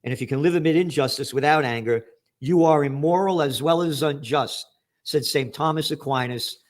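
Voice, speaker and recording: A man's voice: fairly high pitch, moderate pace. Angry profane man ranting over headlines. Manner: angry, profane, sarcastic, swings between shouting and muttering. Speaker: trends forecaster reading and commenting on headlines. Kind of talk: ranting news commentary.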